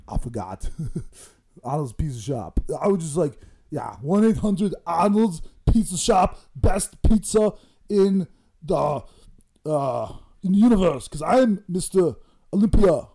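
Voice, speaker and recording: Guy doing a rambling muscleman bit, gravelly, giggly, jokey threats. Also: mid-range voice, lively intonation, slow pace, long pauses, mellow, heavily acted. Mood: boastful. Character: boastful bodybuilder impression, male, middle-aged, menacing-jolly. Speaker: comedy guest in character.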